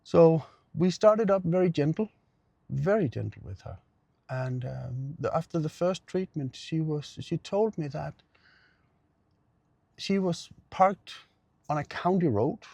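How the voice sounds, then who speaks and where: Middle-aged therapist, earnest storyteller, gravelly raised voice, dry sound. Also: male voice, on the high side, warm tone, no echo. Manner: earnest, repeats phrases for emphasis. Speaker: pain therapist. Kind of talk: personal storytelling.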